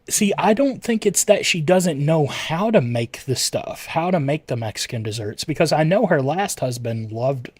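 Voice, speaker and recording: A man's voice: mid-range voice, a little mellow, dry recording. A man chatting casually with his livestream viewers, rambling and correcting himself as he answers chat messages.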